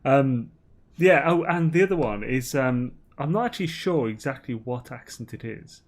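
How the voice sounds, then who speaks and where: A man's voice: mid-range voice, lively intonation, moderate pace. A man streaming a game, chatting in a rambling, giggly way full of ums and restarts. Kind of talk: casual gaming banter.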